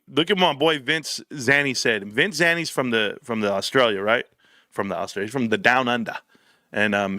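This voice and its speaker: A man's voice: mid-range voice, dry recording, studio quality. A man hosting his own channel, rambling casually with slang and acting out little dialogues as he tells stories. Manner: animated storytelling, slangy, plays out dialogue in voices. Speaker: YouTube host.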